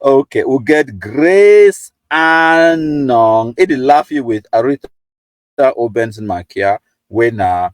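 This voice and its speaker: A man's voice: medium pitch, expressive, slow pace, dry recording. A Cameroonian man hosting a live stream, reading viewer comments aloud in a chatty mix of Pidgin and English.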